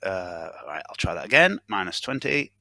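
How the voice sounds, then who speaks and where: A man's voice: low voice, sing-song, fairly quick, pushed and bright, no room sound. A man playing a tabletop game, muttering to himself as he rolls dice. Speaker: player. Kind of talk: casual tabletop play.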